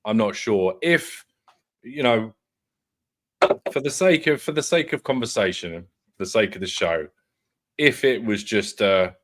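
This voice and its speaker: A man co-hosting a casual fan chat show, laid-back and joking, sometimes hesitant. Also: fairly low pitch. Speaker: co-host.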